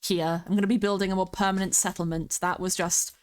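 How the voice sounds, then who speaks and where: A woman's voice: on the low side, level tone, quick pace. A young British woman streaming a game, chatting casually, rambling and giggling as she talks. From Britain. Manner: sings along to music at times.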